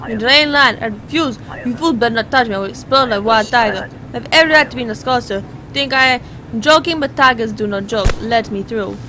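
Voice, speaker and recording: A woman's voice: fairly high pitch, fairly quick, a little hiss or hum, low-quality recording. A woman voicing a defiant male border entrant who blusters threats in a thick put-on foreign accent and broken grammar. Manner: loud, boastful threats.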